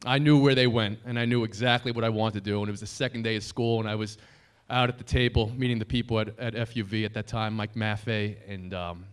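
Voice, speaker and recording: A man's voice: lowish voice, steady tone, quick pace, hardly any pauses, smooth. A man in his thirties, a broadcaster giving an anniversary dinner speech at a podium microphone, self-deprecating and funny but sincere and grateful. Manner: joking, self-deprecating storyteller; heartfelt, grateful tribute. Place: banquet hall dinner.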